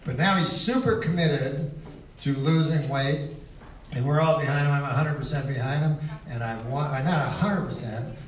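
A man's voice: a little high, moderate pace. A man doing a stand-up set, telling stories in a rambling, profane way. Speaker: stand-up comedian. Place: comedy club stage. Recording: roomy, distant live club recording with crowd.

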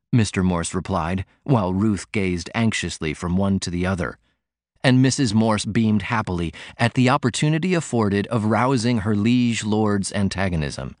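A man narrating an audiobook in a measured, even way. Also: low voice, no echo, clean studio sound. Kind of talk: scripted narration.

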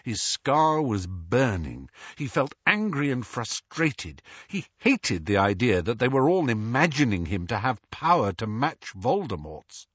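Slow, expressive male audiobook narrator. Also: mid-range voice, breathy edge, dry recording, lo-fi sound.

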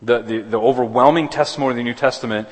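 A man's voice: mid-range voice, steady tone, fast talker. A man preaching a sermon as pastor, earnest, often restarting and repeating words. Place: church sanctuary. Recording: long hall reverb.

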